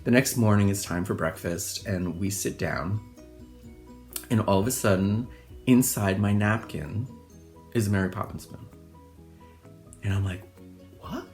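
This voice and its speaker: A middle-aged man, a hairstylist, telling a personal childhood story in an animated, expressive way, acting out the scenes. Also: lowish voice, a little slow, long pauses, faint music behind.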